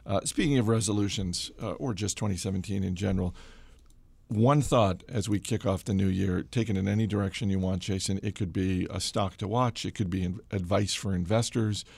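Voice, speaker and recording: A middle-aged man hosting a podcast, chatting casually and reading a sponsor ad with animated, self-deprecating stories. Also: deep voice, brisk, gravelly, breathy edge, no echo. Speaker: podcast host. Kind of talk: casual chat with host-read ad.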